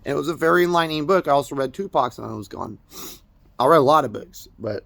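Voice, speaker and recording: A man's voice: a little high, lively intonation, fast talker, creaky, a bit bright, no room sound. A young man making an emotional personal confession to camera, crying as he talks, stammering and swearing as he rambles. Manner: rambling, stammering, profane, tearful. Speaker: vlogger.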